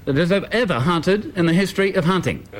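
A man's voice: sits high, lively intonation, fast, slight background noise. A man doing a brash young Aussie braggart. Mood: boastful. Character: boastful young male traveller.

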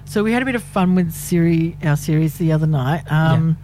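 A woman's voice: low voice, a little fast, mellow, slight background noise. A middle-aged woman, co-hosting a radio show in casual, teasing banter, laughing often and cutting in. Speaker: radio co-host.

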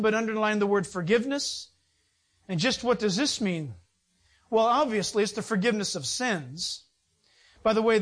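A man's voice: high voice, a bit bright. A man preaching a sermon from the pulpit. He speaks emphatically and conversationally, firing rhetorical questions at his listeners and slipping into joking asides. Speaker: pastor.

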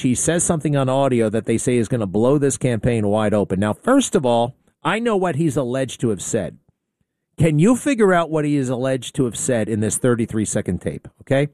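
A man runs an opinionated talk radio monologue, blunt and sarcastic, and often excitable. His voice sits at a middle pitch and sounds dry and close to the mic. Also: a little fast, no echo.

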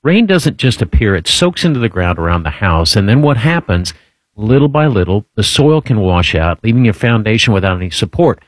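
A man co-hosting a radio show, chatting and reading an ad in a lively, storytelling way. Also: lowish voice, fairly quick, no room sound, poor audio. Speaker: radio co-host. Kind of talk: casual radio chat and live-read ad.

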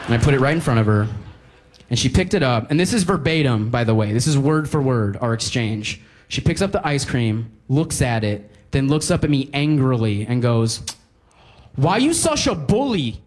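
A man telling a comic story in a wry, conversational stand-up style with deadpan punchlines. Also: mid-range voice, moderate pace. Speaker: stand-up comedian.

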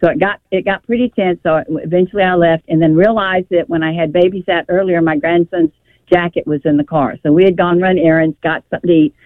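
A woman's voice: fairly low pitch, steady tone, brisk, dry recording. Older woman, radio caller, emotional rambling storyteller, tinny phone sound, dry line. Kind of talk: call-in radio conversation. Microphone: telephone.

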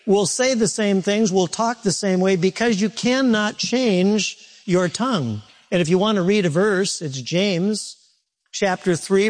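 A man preaching a sermon to a congregation in an animated, conversational way, repeating points and turning to asides. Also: sits high. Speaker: pastor.

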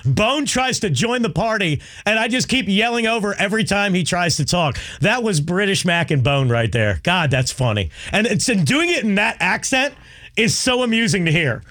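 A man's voice: sits high, very animated, moderate pace, a bit bright. A man co-hosting a sports radio show, rambling and joking about sports.

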